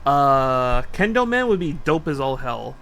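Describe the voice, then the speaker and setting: A man streaming casually as he builds a model kit. He rambles, asks himself questions and counts steps out loud while he works. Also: mid-range voice, very animated, unhurried, vocal fry, soft background music. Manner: easily sidetracked, lots of restarts and rhetorical questions.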